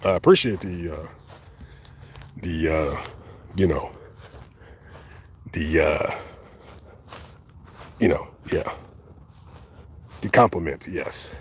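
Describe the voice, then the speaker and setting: A man live-streaming outdoors in a cemetery, talking casually and reading viewer comments, with many halting restarts and fillers. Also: low-pitched, slight background noise. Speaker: vlogger reading live chat.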